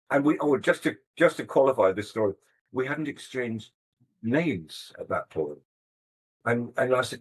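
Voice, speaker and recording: A man's voice: mid-range voice, animated, normal speed, slightly rough, low-quality recording. An older man, a musician being interviewed, telling stories in a thoughtful, hesitant, self-deprecating way. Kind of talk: casual interview storytelling.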